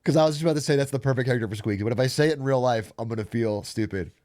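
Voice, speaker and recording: A man streaming live, reacting with fast, self-mocking chatter. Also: mid-range voice, a little mellow.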